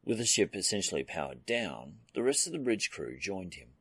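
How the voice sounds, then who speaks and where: A deep, gravelly male voice narrates in a steady storytelling read. The pitch moves freely across phrases, and the recording is dry and close with no room sound. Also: moderate pace, dry recording. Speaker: audiobook narrator. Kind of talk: scripted narration.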